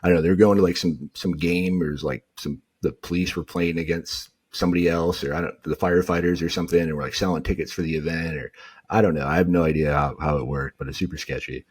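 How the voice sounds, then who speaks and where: Very deep, husky-voiced man telling stories. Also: quick pace. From New England, US. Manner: animated, acts out quotes of others. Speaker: podcast guest. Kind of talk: casual storytelling.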